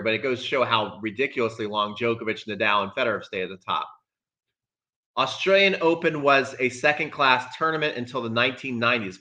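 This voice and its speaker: A man with a bright, forceful voice talks through tennis in a casual live stream. He is emphatic and repeats his points, and he answers viewer comments as he goes. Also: medium pitch.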